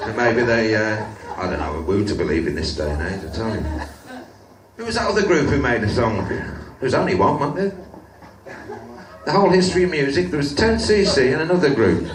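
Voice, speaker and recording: A middle-aged man doing a live stand-up set, with deadpan, rambling one-liners and mumbled asides. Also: medium pitch, fairly quick. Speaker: stand-up comedian. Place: pub function room with a live audience. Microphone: audience recording from the room, far from the stage. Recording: echoey, distant amateur pub tape with crowd noise. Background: laughing audience, church organ music.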